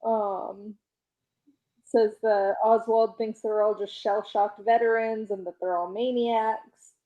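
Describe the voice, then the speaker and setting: A woman with a fairly high voice, chatting casually as a podcast co-host and recapping a comic issue. She keeps slipping into quick acted quotes of the characters and laughs between them. The audio is slightly muffled and lo-fi. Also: level tone. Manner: retells scenes by quoting characters in quick voices, laughs often. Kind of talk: casual chat.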